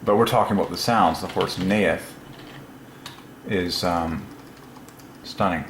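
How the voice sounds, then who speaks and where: A man hosting his own channel, talking alone in a casual, excited way, musing aloud and laughing to himself, recorded on a lapel mic. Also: low voice, unhurried, reverberant, slight background noise, rough recording. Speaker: religious channel host. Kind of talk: solo casual commentary.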